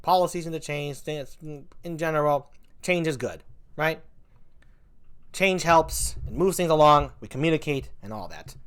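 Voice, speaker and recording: A man's voice: on the high side, moderate pace, fairly bright tone, smooth. A man doing comedic commentary as a vlogger, ranting with mock outrage.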